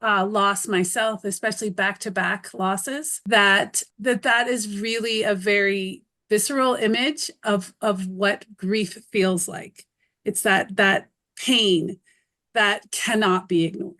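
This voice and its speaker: A woman's voice: medium pitch, fairly even intonation, slow pace, bright, forceful tone. A woman from North America interviewing, thinking aloud and searching for words as she asks her question. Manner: reflective, searching for words, many restarts. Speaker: interviewer, co-host.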